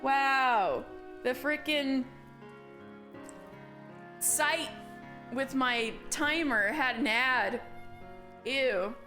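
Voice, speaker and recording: Playful young woman streamer, high voice. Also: very slow, pauses often, sharp tone, faint music behind. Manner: chatty, exasperated, playful. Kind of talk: casual live-stream chat.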